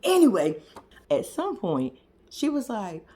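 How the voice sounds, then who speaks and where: A woman's voice: on the high side, huge pitch swings, slow, mellow. A woman, giving a casual recap of a reality show, laughing often and talking back to the people in it.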